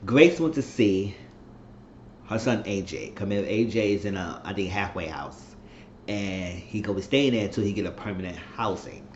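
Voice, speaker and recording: A man's voice: lowish voice, moderate pace, a little hiss or hum. Man doing a casual TV recap in an echoey room. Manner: retells scenes by acting out the characters' quoted lines. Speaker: TV show recap vlogger. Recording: echoey room, dull lo-fi sound.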